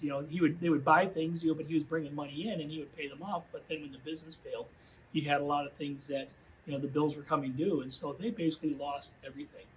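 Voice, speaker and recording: Youth minister guy telling a story to teens, kinda high voice, lots of "you know"s, faint hiss behind. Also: low-quality recording. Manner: conversational, full of "you know" fillers. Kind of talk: storytelling talk to high school students.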